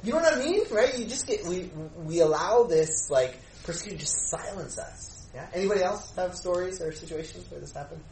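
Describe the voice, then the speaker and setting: Animated man leading a group talk. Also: high-pitched, a little fast, hardly any pauses. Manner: animated, asks rhetorical questions, acts out dialogue. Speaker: youth group leader. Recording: echoey room, faint background noise.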